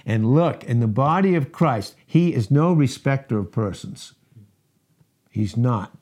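A man's voice: mid-range voice, mellow. A man preaching a sermon, emphatic, asking rhetorical questions and repeating key words.

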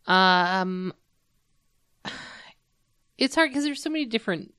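A young woman co-hosting a casual podcast chat, relaxed and quick with agreeing "yeah"s. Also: mid-range voice, clean tone, no echo, clean studio sound. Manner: relaxed, frequent "yeah" backchannels. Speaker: podcast co-host.

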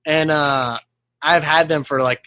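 A man's voice: a little slow, no echo. A young man in casual chat, telling stories with lots of swearing and laughter and acting out the voices of people he quotes. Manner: animated storyteller, swears freely, laughs mid-sentence; acts out voices in quoted lines, jumping up high.

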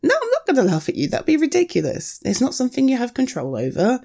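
A woman voicing a caring young woman who calmly reassures a frightened friend in an audio role-play, repeating gentle soothing words. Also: high voice, fast talker, full character voice. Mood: comforting.

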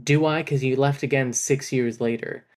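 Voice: mid-range voice, fairly even intonation, moderate pace, close to an everyday voice. A podcaster reading aloud the lines of a hurt, angry teenage boy from a novel. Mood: hurt, accusing. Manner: reads aloud from a novel, bitter and accusing.

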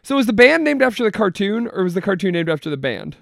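A man's voice: high voice, sing-song, fast talker, creaky, fairly bright tone, no echo, clean studio sound. A man co-hosting a podcast in casual chat, playful and teasing, with some swearing. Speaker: podcast co-host.

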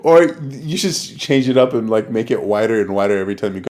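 A young man hosts a relaxed podcast conversation with a somewhat low voice. He jokes constantly, laughs easily and swears without thinking about it. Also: quick pace. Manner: joking, laughs often, swears casually. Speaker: podcast host. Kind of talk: casual chat.

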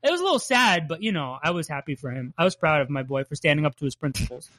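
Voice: mid-range voice, big pitch swings, quick pace, a bit bright, dry recording. A podcast co-host recapping a cartoon episode in a rambling, jokey way, laughing often and swearing casually. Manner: laughs often and plays up bits.

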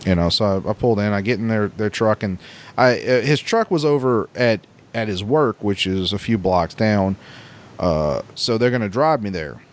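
A man's voice: fairly low pitch, moderate pace. A man co-hosting a podcast, telling a long personal story in a casual, rambling and profane way, full of restarts. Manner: rambling, profane, with many restarts and acted-out quotes.

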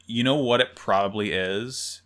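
A man's voice: fairly low pitch, unhurried. A man co-hosting a podcast, joking and rambling in casual chat while tired. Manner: jokey, animated, rambling with fillers. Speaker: podcast co-host.

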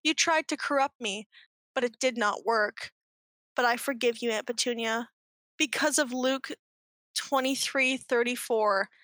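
A woman voicing a calm, earnest and preachy little boy in a comedic reading. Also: a little high, unhurried, no room sound. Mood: solemn. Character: pious, solemn little boy.

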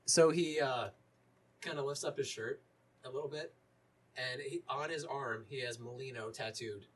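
A young man with a husky voice, narrating a tabletop role-playing game as game master in a loose, joking way. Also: mid-range voice, normal speed, a little hiss or hum.

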